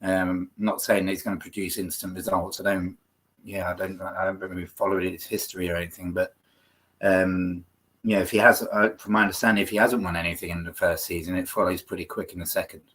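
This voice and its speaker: A man's voice: low voice, little pitch movement, a little fast, a bit bright, husky. A man hosting a casual football podcast, talking in a rambling, earnest way with lots of fillers. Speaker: podcast host.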